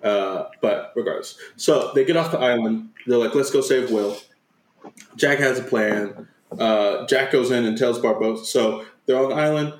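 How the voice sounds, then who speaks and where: A man's voice: mid-range voice, normal speed, reverberant. A man casually recapping a movie plot, swearing freely and acting out lines in slang. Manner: profane, slangy retelling with acted-out quotes. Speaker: podcast co-host.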